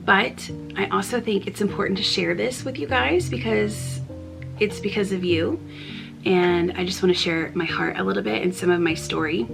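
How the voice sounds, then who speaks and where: A woman's voice: mid-range voice, normal speed, gravelly. A woman vlogger talking to camera in an earnest, open and chatty way. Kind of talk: heartfelt talk to camera. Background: background music.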